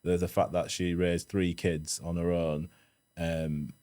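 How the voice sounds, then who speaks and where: A man's voice: low-pitched, level tone, warm tone. A man with a Yorkshire accent, a podcast guest talking reflectively with frequent restarts. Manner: halting, restarts often, thinks aloud. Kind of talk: reflective interview talk.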